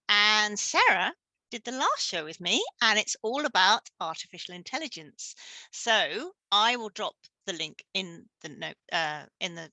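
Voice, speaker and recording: A communication coach introduces herself on a video call in a loose, casual way, full of fillers. Her voice is bright and a little tense. The sound is dry and close. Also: medium pitch, no echo, poor audio.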